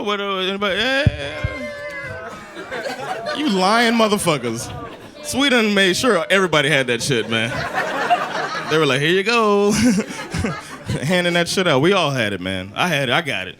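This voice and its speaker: An American man performing a loose, conversational stand-up comedy set in a club, switching to loud shouted voices for his acted bits. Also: a little high, very animated, fairly quick, a crowd in the background. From United States. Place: comedy club stage with a laughing audience. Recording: live club recording with audience noise.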